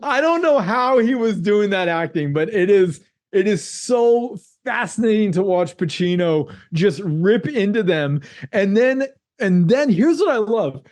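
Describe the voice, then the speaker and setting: A man co-hosting a casual movie podcast, excitable, laughing often and quoting scenes in mimicking voices. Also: sits high, unhurried. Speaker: podcast co-host. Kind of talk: casual movie-discussion chat.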